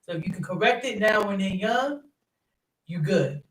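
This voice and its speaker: A young man, a youth basketball coach and third-grade teacher, telling stories in an animated, chatty way, laughing often and using lots of fillers. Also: high-pitched, normal speed, distant mic. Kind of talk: casual interview chat. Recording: roomy sound from off-mic.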